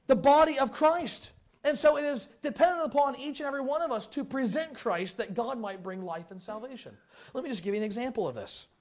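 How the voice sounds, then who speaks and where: A man preaching a sermon, telling a story and acting out the quoted voices with animation. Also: very high-pitched.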